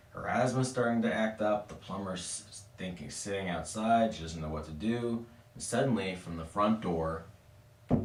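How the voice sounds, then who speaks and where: Deep-voiced man telling a spooky tale. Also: a little hiss or hum. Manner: casual, playful, with asides to listeners. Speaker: storyteller. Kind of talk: live spooky storytelling. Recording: echoey room, mic at a distance.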